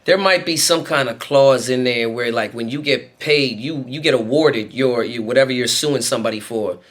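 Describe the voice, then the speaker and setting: A man's voice: medium pitch, moderate pace, a bit bright. A man co-hosting a podcast, cutting in with teasing jokes in casual chat. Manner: joking, teasing interjections. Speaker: podcast co-host.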